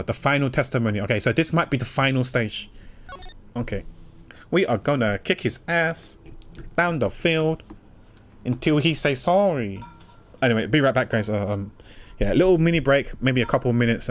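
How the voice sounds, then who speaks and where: A man's voice: medium pitch, moderate pace. Chatty laughing male streamer. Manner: chatty, rambling, laughing often. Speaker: streamer playing a game. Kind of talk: casual chat.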